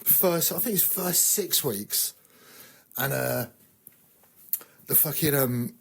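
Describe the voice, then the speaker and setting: An English army veteran telling a rambling, profane, self-mocking story in casual chat. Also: male voice, mid-range voice, slow, vocal fry, fairly bright tone, breathy edge. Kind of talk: casual sweary anecdote.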